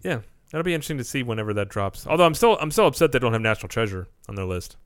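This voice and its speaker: A man hosting a casual podcast chat, talkative and quick to laugh, often restarting his sentences. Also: mid-range voice, expressive, clear, resonant tone, dry recording, clean studio sound. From American Midwest. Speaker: podcast host.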